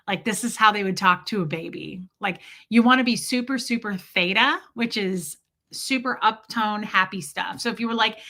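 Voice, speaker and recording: This is a woman in her forties on a livestream, with a mid-range voice, a sharp tone, and a moderate pace. She talks casually, replying to comments and telling stories in a frank, blunt way, with voices quoted along the way.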